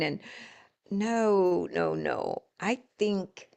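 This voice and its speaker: A woman's voice: mid-range voice, animated, slow, vocal fry, a little mellow. A middle-aged woman coaching live, emphatic, repeating key words and acting out sample dialogue.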